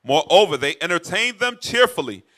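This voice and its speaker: A man reading old scripture verses aloud at a steady, plain pace. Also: high-pitched, brisk. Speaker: scripture reader.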